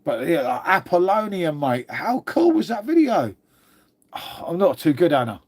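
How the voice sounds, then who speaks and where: Congested with a cold, this Old Windsor man speaks in a husky, sing-song voice that's a little high, at normal speed. On his livestream he reads comments, curses freely, and calls people mate, all in a London-area English accent.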